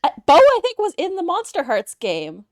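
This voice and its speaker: Quick playful woman with a lively voice. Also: extremely high pitch. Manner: quick, playful, joking asides. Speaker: guest. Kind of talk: casual chat.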